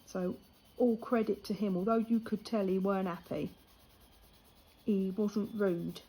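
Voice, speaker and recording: Older woman, mellow husky voice. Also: mid-range voice, unhurried, poor audio. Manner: chatty storytelling with lively retold quotes. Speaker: vlogger. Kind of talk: casual chat while colouring.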